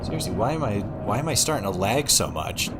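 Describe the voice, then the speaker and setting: A man's voice: lowish voice, sing-song, brisk, very noisy. A young man from Oregon streaming a game, chatting casually, swearing and laughing often. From Oregon, USA. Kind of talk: casual live-stream chat while playing.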